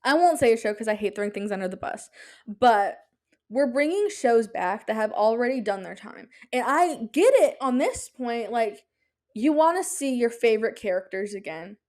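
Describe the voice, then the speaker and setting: A young woman hosts her podcast in loose, chatty talk. She rambles excitedly, tripping over filler words, with a voice set a little high for a woman. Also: normal speed. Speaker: podcast host. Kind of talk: casual chat.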